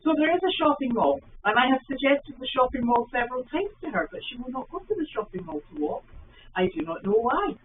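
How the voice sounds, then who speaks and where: A woman's voice: high voice, big pitch swings, a little fast. A middle-aged woman with a Scottish accent chats casually with her livestream viewers, rambling through anecdotes and picking up their comments. Her voice comes through thin and phone-like, picked up from a little way off the mic, with faint noise behind it. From Scotland. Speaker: livestream host. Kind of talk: casual chat with live viewers. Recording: phone-like sound from a distance.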